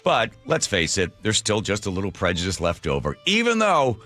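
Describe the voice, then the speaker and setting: Deep-voiced man telling a wry radio story. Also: huge pitch swings, moderate pace, sharp tone, soft background music. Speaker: radio host. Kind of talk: storytelling monologue. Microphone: studio microphone.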